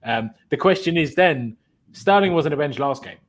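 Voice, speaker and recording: A man's voice: fairly high pitch, lively intonation, moderate pace. A man hosting a casual football chat on a live stream, opinionated and talking through his reasoning aloud. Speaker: host.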